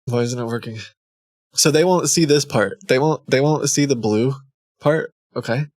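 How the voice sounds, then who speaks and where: A man's voice: medium pitch, normal speed, darkish tone, dry recording, clean studio sound. A man live-streaming, chatting casually to his viewers, rambling and cutting himself off, often laughing at himself.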